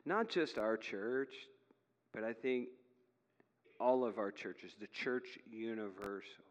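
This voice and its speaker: Animated man preaching in a reverberant hall. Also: fairly low pitch, slow, muffled recording. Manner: animated storytelling, rising to near shouts. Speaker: pastor. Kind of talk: sermon.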